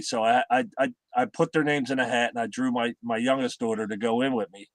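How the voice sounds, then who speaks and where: A middle-aged man chatting casually as a guest, halting and repeating his words as he tells stories. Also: mid-range voice, steady tone, no echo. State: recovering from heart surgery. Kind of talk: casual chat.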